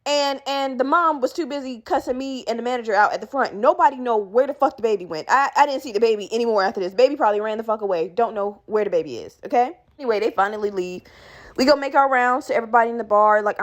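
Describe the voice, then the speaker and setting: A woman hosting her own podcast, telling a story in a profane, animated way and laughing as she talks. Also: on the high side, fast talker. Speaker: podcast host.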